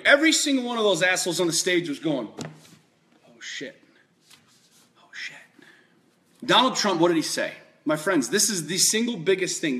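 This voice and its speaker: High, animated man ranting and swearing. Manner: emphatic, repetitive, swears a lot. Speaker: political commentator. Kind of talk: profane, fired-up monologue.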